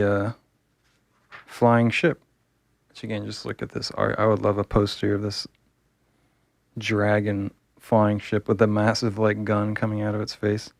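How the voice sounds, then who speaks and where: A man's voice: lowish voice, darkish tone, dry recording, studio quality. A man reviewing a comic book, talking casually and enthusiastically, rambling with fillers.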